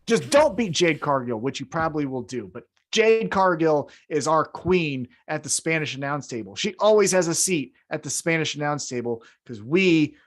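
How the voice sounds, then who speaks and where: A young adult man co-hosting a podcast in casual chat, animated and acting out quoted voices. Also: a little high, moderate pace, hardly any pauses. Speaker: podcast co-host.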